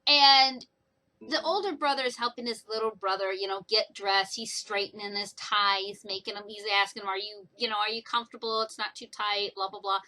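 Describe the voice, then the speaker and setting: A young woman casually retelling a book's plot in a chatty, animated way for her vlog. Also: fairly high pitch, normal speed, low-quality recording. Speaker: book reviewer. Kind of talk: casual book review vlog.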